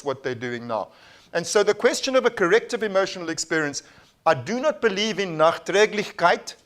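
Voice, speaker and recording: A man with a South African accent giving an earnest, explanatory workshop lecture, often restarting his sentences. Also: on the high side. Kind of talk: live workshop lecture with discussion.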